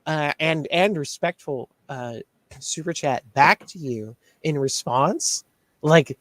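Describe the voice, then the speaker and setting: A man's voice: slow pace, fairly bright tone, no room sound. A man telling a story in casual chat, ranting about a rival and mimicking him. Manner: ranting, mimics others in a higher voice. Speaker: shirt shop owner.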